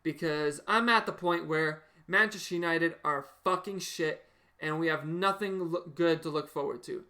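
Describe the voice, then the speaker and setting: A man's voice: fairly high pitch, moderate pace, pushed and bright. A man hosting a football fan video, delivering an exasperated post-match reaction rant with heavy swearing and repeated phrases. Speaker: football fan channel host.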